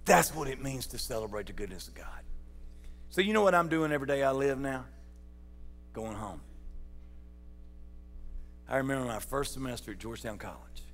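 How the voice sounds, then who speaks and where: Pastor preaching with echoing reverb. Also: male voice, mid-range voice, lively intonation, normal speed, long pauses, a bit bright, faint music behind. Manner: folksy, calls out to the congregation. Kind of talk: sermon. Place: large church sanctuary. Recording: church hall reverb.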